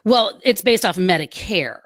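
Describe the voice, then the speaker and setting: A woman tells her family's story as an interview guest, earnest and full of quick asides. Her voice sits in a middle range. The sound is dry and close. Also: medium pitch, animated, dry recording. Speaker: guest, military spouse advocate. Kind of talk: podcast interview.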